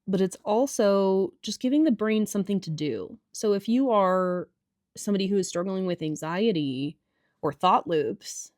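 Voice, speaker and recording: A woman's voice: medium pitch, animated, normal speed, darkish tone, dry recording, clean studio sound. A woman leading a casual guided stretching class, chatty and irreverent with joking asides. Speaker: yoga and stretching instructor.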